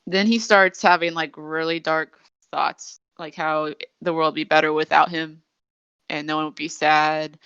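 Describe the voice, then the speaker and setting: Smooth low-voiced woman recapping an episode. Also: flat delivery, measured pace, a bit bright, no echo, lo-fi sound. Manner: chatty storytelling with many fillers. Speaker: podcast host. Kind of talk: casual episode recap chat.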